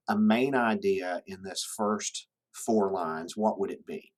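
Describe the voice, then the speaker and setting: A man's voice: low voice, slow, hardly any pauses. A male teacher giving a classroom lecture, explaining step by step and checking in with his students. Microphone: camera in classroom.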